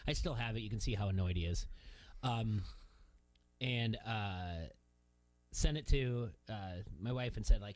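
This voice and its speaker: A male sports radio host talks through a long, wandering story, laughing as he goes. His voice sits in a middle pitch. The studio sound is close and dry. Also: animated, moderate pace, no room sound. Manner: rambling storyteller, laughs often. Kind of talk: casual chat.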